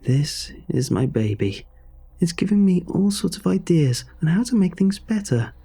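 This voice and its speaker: A man voicing an entranced middle-aged aunt who speaks in a slow, coaxing, possessed way in a horror story reading. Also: high-pitched, big pitch swings, dark tone, breathy edge, voice pushed up, full character voice. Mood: eerie coaxing.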